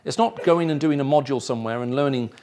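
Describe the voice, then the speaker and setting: Speaking quickly in a mid-range, somewhat mellow voice, this middle-aged man delivers a teaching sermon to a live crowd. He has an English accent, was raised in the Middle East, and often pauses to check in with the people listening.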